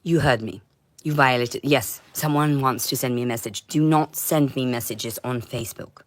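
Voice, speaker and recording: A woman streaming a rambling monologue, intense and profane, swinging between shouting and muttering. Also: rumbling low, moderate pace, dry recording. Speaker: livestreamer.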